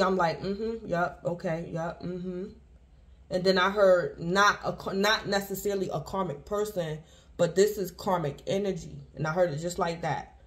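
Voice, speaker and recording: Woman, tarot reader, casual and rambling, repeats herself, speaks to the collective. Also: on the low side. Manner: rambling and repetitive, addresses the collective; speaks in loose restarts, circling back to one point. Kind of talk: casual tarot reading to viewers.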